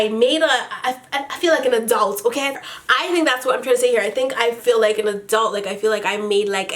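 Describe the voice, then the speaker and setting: A woman's voice: a little high, a bit bright. A young woman vlogging casually to camera, gushing and rambling with lots of fillers, swearing freely and sounding tired. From Canada. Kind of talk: casual storytime chat to camera.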